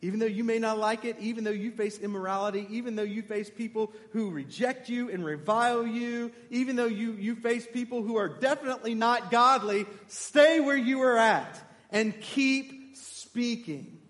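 A man preaching a sermon, animated and emphatic, putting questions to his congregation. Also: high voice, brisk, few pauses, long reverb tail.

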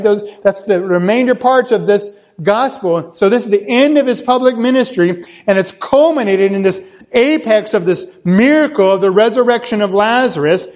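A man preaching a sermon, explaining scripture and often checking in with "right?", climbing higher when he stresses a point. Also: a little mellow. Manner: teaching, often checks with "right?", rises in pitch for emphasis. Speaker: pastor. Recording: dull lo-fi sound.

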